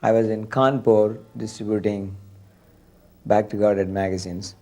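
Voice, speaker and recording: A man slowly recounting a memory in an interview, with deliberate pauses. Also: on the low side, little pitch movement, dark tone. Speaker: devotee sharing memories. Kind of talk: slow storytelling interview.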